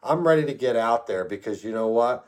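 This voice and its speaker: A middle-aged man with a medium-pitched, expressive, slightly mellow voice talks a little fast as a podcast co-host. He tells stories and offers opinions in a rambling, casual, profane way, often asking "you know what I mean".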